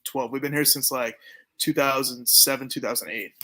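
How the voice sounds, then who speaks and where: A man's voice: medium pitch, steady tone, normal speed, sharp tone. A young man from Canada talking casually in an interview, laid-back and blunt, swearing freely. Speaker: jiu-jitsu gym owner and event promoter.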